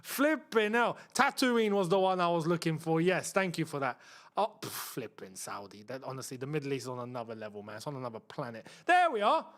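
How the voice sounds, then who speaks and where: A young man with a London accent hosting a live football watchalong, chatting excitably and muttering to himself as he fiddles with the screen. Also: fairly high pitch, brisk. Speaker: football channel host.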